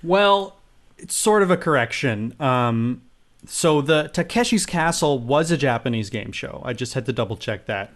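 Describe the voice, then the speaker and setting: A man's voice: mid-range voice, expressive, moderate pace, fairly bright tone. A man co-hosting a comedy podcast, easygoing and chuckling as he talks. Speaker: podcast co-host. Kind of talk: casual comedic chat.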